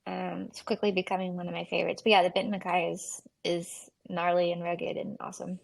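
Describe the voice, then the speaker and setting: A woman's voice: on the low side, flat delivery, brisk, vocal fry, no room sound. A young adult woman, a podcast guest who chats casually and laughs often while telling her stories.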